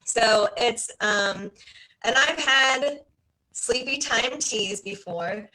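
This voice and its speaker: A woman's voice: fairly high pitch, very slow, sharp tone, poor audio. A middle-aged woman hosting a casual video-call chat, rambling and laughing often. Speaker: host.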